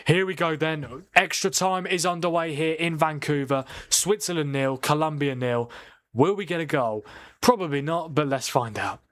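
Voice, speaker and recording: Here the streamer's voice sits a little high and moves at a moderate pace. While the football match plays live, he chats with his audience, responds to their comments, and reacts with excitement to incidents on the pitch.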